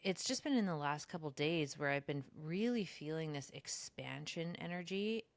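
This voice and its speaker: Low-voiced reflective woman podcaster. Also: lively intonation, normal speed, dry recording. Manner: reflective, lots of "like", slips into high mocking voices when quoting herself. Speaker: podcast co-host. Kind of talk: casual spiritual chat.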